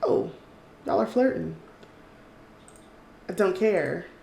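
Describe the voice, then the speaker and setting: Brief: young adult woman, excitable game commentary, gravelly tone, echoey room. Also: mid-range voice, slow pace, slight background noise. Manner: chatty, excitable, swears, reads game text aloud. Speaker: let's play host. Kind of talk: casual gameplay commentary.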